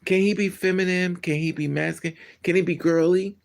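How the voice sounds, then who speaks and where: A man talking casually to his live-stream chat, speaking on the higher side with a gravelly, crackly edge. He is blunt and candid, and his delivery is animated, often breaking into laughter or trailing off. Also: fairly quick.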